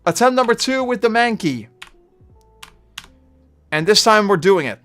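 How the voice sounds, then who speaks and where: A man with a Dutch accent chatting through a live game stream, rambling and getting loudly frustrated at times. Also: high voice, very animated, measured pace, faint music behind. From Netherlands. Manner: chatty, bursts of frustration, trailing off.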